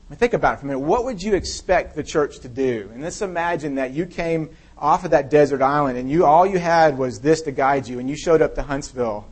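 A man's voice: fairly high pitch, breathy edge. Candid, conversational male pastor preaching. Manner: conversational, candid, thinking aloud with restarts. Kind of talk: sermon with scripture reading and prayer.

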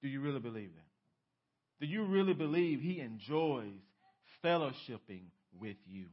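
A man preaching a sermon as pastor, dropping to hushed lows and rising to emphatic peaks, with many rhetorical questions to the congregation. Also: animated, moderate pace, dull audio. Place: church sanctuary.

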